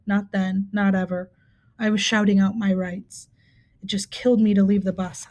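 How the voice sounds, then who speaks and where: A woman reads a book aloud in a measured, even storytelling manner. Her voice is mellow and warm, sitting in a middle pitch range. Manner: steady, measured storytelling with occasional slips. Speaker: reader.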